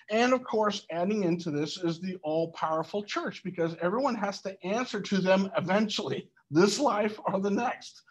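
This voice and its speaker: Brief: lively male history teacher, higher-pitched voice, questions the class. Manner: animated, asks the class questions.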